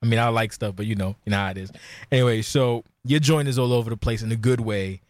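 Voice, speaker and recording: A man's voice: on the low side, fast, darkish tone, no echo. A man hosting a casual interview, joking loosely and often repeating his words. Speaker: podcast host.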